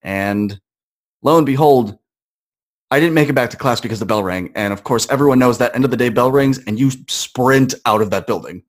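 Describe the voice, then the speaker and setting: Young male podcast guest, mid-pitched, earnest storyteller who slips into other people's voices. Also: brisk. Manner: earnest, conversational, acts out quoted voices. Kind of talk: personal storytelling in conversation.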